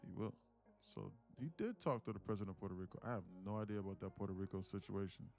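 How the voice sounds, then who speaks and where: Rambling, excitable male live-streamer. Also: fairly low pitch, quick pace, soft background music. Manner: rambling and excitable, repeats himself, swears. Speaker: day trading streamer. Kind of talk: casual live-stream commentary.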